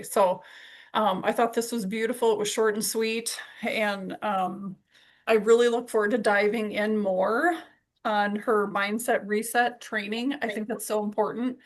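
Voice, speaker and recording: A woman's voice: medium pitch, steady tone, measured pace. Upbeat woman hosting her team call, keeps saying how good it was, super encouraging. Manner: enthusiastic, encouraging. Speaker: sales team leader hosting a weekly call.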